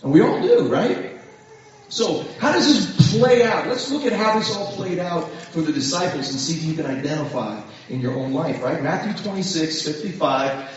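Lively high-voiced preacher in an echoey room. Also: male voice, moderate pace. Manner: conversational, asks the listeners frequent "right?" questions. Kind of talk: sermon. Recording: echoey room from far off, dull lo-fi.

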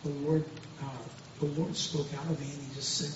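Speaking as a pastor, a man gives an earnest, emphatic personal testimony, often repeating himself and restarting. His voice is a little high, flat and moderately paced, recorded in a very echoey, distant room that sounds dull and noisy.

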